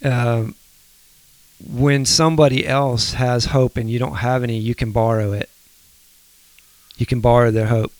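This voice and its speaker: A man co-hosting a faith podcast, speaking in a soft, reflective, halting way. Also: medium pitch, steady tone, no room sound. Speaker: podcast co-host.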